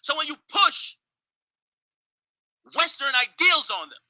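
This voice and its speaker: A man's voice: very high voice, slow, poor audio. A young man hosting a casual, profane talk about history and politics, acting out other people's voices as he goes. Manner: animated, profane, acts out voices of others mid-story. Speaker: host.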